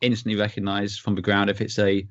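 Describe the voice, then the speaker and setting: A man co-hosting a casual podcast, full of technical detail. His voice sits low. The sound is dry and a bit dull. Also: monotone, quick pace, no room sound. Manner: knowledgeable, explains aviation details. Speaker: podcast co-host.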